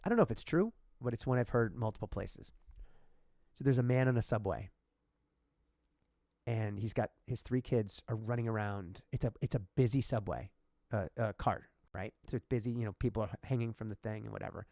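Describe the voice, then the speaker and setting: A man's voice: on the low side, a little fast, gravelly, mellow, no echo, studio quality. A man co-hosting a podcast who tells a personal story in an earnest, rambling way, with many restarts and asides. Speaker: podcast co-host.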